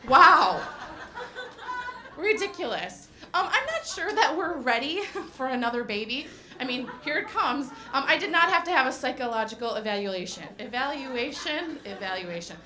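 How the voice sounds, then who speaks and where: A woman's voice: high-pitched, big pitch swings, moderate pace, a crowd in the background. A young woman doing stand-up comedy, giggling and breaking off her own sentences with nervous laughs. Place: comedy club stage. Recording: roomy echo of a comedy stage.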